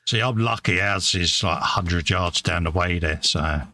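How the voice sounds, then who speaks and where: A man's voice: sits low, moderate pace, bright, forceful tone, a little hiss or hum. A man chatting casually as co-host, giving dry, teasing short replies. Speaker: co-host of a live craft stream. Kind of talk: casual chat.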